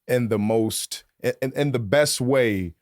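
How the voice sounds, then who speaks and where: Animated comedian from Virginia. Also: male voice, medium pitch, takes it slowly, no echo, studio quality. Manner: animated storytelling, slips into acted voices. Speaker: comedian guest. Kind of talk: casual chat.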